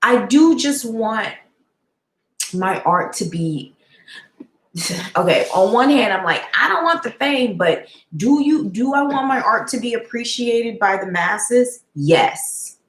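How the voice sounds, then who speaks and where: A woman's voice: mid-range voice, lively intonation, slow, reverberant, low-quality recording. A woman chatting casually on a live stream, speaking heartfelt and straight to her viewers and answering their comments.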